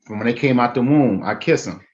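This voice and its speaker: A man speaking casually and directly in a panel conversation, in quick bursts. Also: medium pitch. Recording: dull recording.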